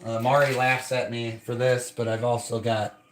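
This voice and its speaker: A man's voice: medium pitch, level tone, moderate pace, roomy sound, low-quality recording. A man co-hosting a casual livestream from his home, joking and showing off a collection. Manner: playful, jokey. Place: house at night.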